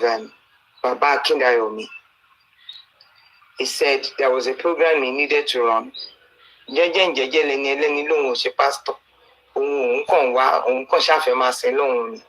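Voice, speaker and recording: Earnest Nigerian male preacher, bright and pleading, recorded as a dull lo-fi voice note. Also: mid-range voice. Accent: Nigerian, Yoruba-speaking. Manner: earnest, pleading, preachy, with Bible quotes and stories. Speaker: preacher addressing a campaigner. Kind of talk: exhortation mixing English and Yoruba.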